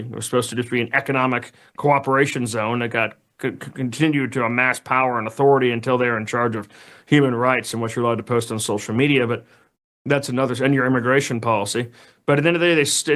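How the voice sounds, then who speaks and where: Guy riffing on politics as a guest, opinionated, restarts a lot, average pitch. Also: fairly bright tone. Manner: opinionated, conversational, with frequent restarts. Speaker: news editor guest. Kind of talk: political commentary.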